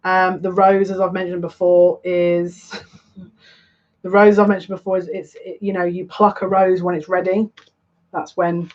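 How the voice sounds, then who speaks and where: A woman giving a live tarot card reading, musing aloud in a halting way and repeating words as she searches for meaning. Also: fairly low pitch, level tone, dull audio. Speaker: psychic tarot reader.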